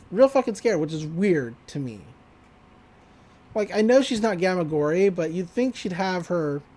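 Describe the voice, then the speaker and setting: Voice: medium pitch, a little mellow. Rambling, profane podcast co-host. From Texas. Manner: rambling, profane, laughs often. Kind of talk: casual episode recap.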